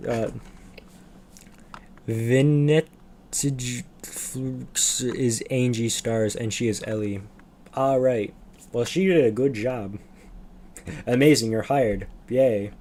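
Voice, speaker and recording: A man's voice: mid-range voice, darkish tone, slight background noise. A young man chatting on a livestream, rambling and losing his train of thought. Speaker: streamer. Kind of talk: casual livestream chat.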